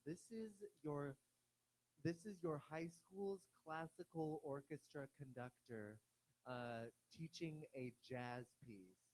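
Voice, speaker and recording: A young man performs stand-up on a small stage. He rambles, restarts his sentences and giggles between jokes, speaking a little higher than most men. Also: takes it slowly, a little mellow, rough recording. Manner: rambling, self-interrupting, giggly. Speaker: stand-up comedian. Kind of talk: stand-up comedy set.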